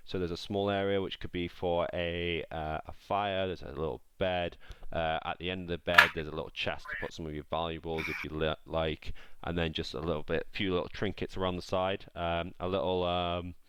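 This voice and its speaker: A man's voice: low voice, little pitch movement, normal speed, few pauses, a bit bright, clear, resonant tone, poor audio. A man narrating a tabletop game as game master, describing scenes in a rambling way with many fillers.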